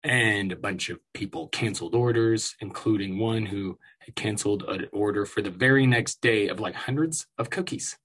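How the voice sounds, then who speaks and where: A man's voice: on the low side, normal speed, hardly any pauses, a bit bright, breathy edge. A man delivering an angry, profane, sarcastic rant as commentary, with mocking asides. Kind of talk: ranting commentary.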